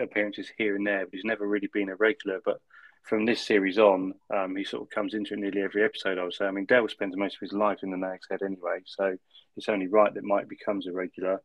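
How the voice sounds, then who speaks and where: Fast-talking man, dry close sound. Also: fairly low pitch, flat delivery, no room sound. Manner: chatty, swears casually, quotes scenes in character voices. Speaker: podcast co-host. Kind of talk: casual podcast chat.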